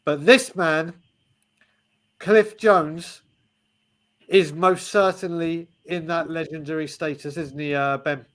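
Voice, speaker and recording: A man's voice: on the high side, steady tone, takes it slowly, long pauses. A man co-hosting a casual chat, cheerful and self-mocking. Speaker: co-host.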